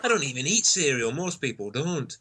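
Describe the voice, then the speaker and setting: A man with an English accent, calling in to a comedy podcast and telling stories in a casual, swearing, animated way. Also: mid-range voice, a little fast, slight background noise. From England. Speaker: caller.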